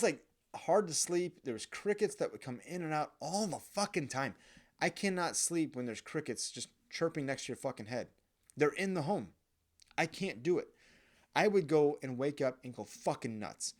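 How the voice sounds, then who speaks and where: A young man, host of his own show, telling candid stories in a rambling, profane, casual monologue. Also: mid-range voice. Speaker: podcast host.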